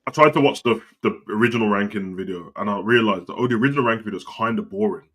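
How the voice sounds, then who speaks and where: A man chatting on a podcast in slangy, animated bursts with lots of repeats. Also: fairly low pitch, very fast. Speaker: co-host. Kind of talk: casual podcast chat.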